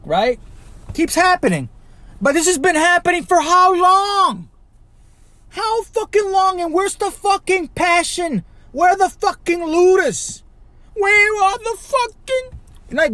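Chicago podcast guy ranting solo, swears nonstop, keeps asking "right?", lively voice that jumps all over. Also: extremely high pitch, unhurried, no room sound. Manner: swears constantly, loud outbursts, rhetorical "right?". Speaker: podcast host. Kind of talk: profane solo rant.

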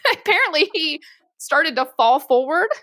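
Woman, police officer, casual storytelling, animated, laughs a lot, dry close sound. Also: sits high, a little slow, no echo. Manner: animated, laughs often, acts out quoted voices.

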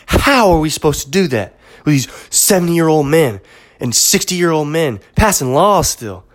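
A man hosting a podcast, delivering an impassioned, profane monologue that sometimes drops to a hush for storytelling. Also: on the high side, lively intonation, moderate pace. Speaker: podcast host. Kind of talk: monologue rant.

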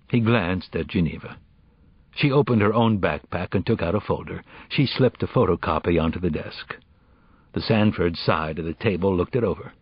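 A man narrating an audiobook in a measured storytelling manner. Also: deep voice, slightly rough, no room sound. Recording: dull, dry audiobook recording.

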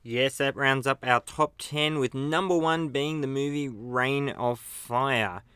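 Casting: a casual host, with a clean, smooth voice recorded dry on a close mic. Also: male voice, medium pitch, slow pace, sharp tone, no echo. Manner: chatty, chuckles at his own slips. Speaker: podcast host. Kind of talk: casual movie countdown commentary.

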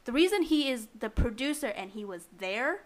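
A woman's voice: on the high side, big pitch swings, moderate pace. A woman co-hosting a podcast, explaining things in a rambling casual chat with lots of fillers. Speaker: podcast co-host.

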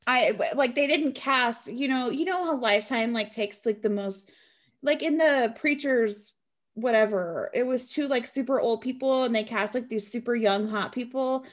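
A woman's voice: fairly high pitch, moderate pace. A woman from Washington state co-hosting a podcast, chatty and joking in casual conversation. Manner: chatty, joking asides with many likes. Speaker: podcast co-host. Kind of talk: casual chat.

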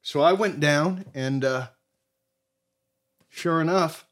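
A podcast guest from Maine tells a hunting story casually and animatedly, his volume swinging between loud and soft. His voice sits on the high side, and he takes his time.

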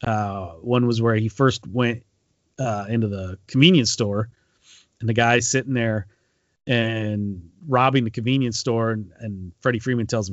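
Unhurried and fairly even in intonation, this man's mid-range voice carries a casual podcast chat. As co-host, he rambles through a retold story, restarting often and saying um a lot. There's no echo, though the high frequencies are missing.

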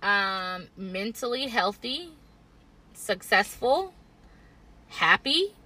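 A woman's voice: mid-range voice, big pitch swings, drawn-out words, pushed and bright, dry recording. A woman, speaking candidly and reflectively as a podcast co-host in casual chat.

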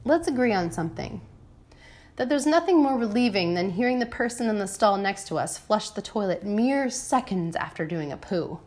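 A woman in her thirties, a mother, reading her own personal essay aloud in a frank, wry and irreverent way. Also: medium pitch. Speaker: mother of a toddler.

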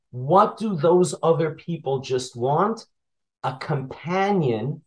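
A man's voice: fairly high pitch, low-quality recording. A man who teaches Torah, retelling a Talmud story as a lesson and asking his listeners questions as he goes.

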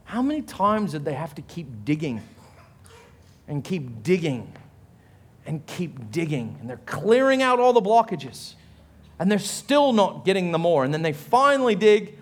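This Australian pastor's voice is high-pitched and moderately paced as he preaches, telling funny stories about his family and voicing the characters. He acts out quotes loudly, narrates with lots of animation, and laughs while joking at his own expense.

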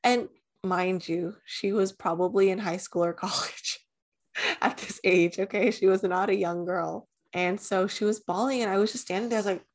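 A young woman co-hosting a podcast, telling a story in casual chat, animated, with lots of "like" and swearing. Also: medium pitch, normal speed. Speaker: podcast co-host.

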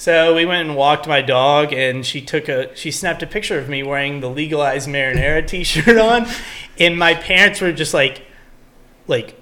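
A man's voice: a little high, normal speed, sharp tone. A young man from Texas with a Texan accent, co-hosting a podcast and telling rambling stories with laughs. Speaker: podcast co-host. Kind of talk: casual chat.

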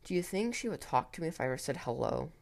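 A man's voice: fairly high pitch, very animated, fast, vocal fry, voice pushed up. A man reading a spooky story, voicing an innocent, wistful young boy in a raised voice. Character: dreamy young boy, innocent little brother.

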